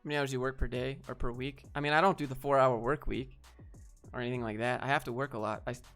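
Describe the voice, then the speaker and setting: Laid-back male streamer, flat and chill, reading chat. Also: fast, faint music behind. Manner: laid-back, low-energy, deadpan. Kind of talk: casual livestream chat.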